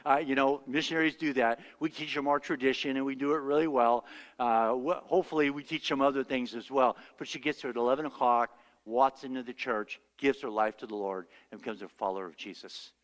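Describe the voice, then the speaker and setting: In a church sanctuary, an American male pastor preaches a sermon, telling stories and acting out the voices he quotes. He speaks briskly at medium pitch with fairly even intonation, and a long reverb tail trails his words.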